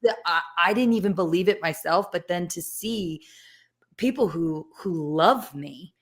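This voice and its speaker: A woman hosting a casual podcast chat, a mother sharing reflective, emotional stories that turn animated in bursts. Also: on the low side, measured pace. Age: adult with children. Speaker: podcast host.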